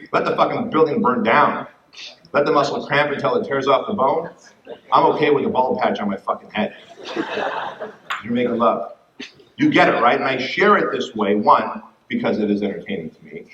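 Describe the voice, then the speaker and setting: A man giving an energetic, profane business talk to a conference audience, acting out quoted voices. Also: a little high, a little hiss or hum. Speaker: fitness business speaker. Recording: distant, roomy, dull room mic.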